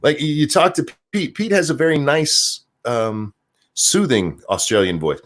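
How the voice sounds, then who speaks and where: A man's voice: a little high, very animated, a little slow, fairly bright tone. A man hosting a casual livestream talk show, reading chat aloud and rambling with offhand swearing. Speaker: podcast host.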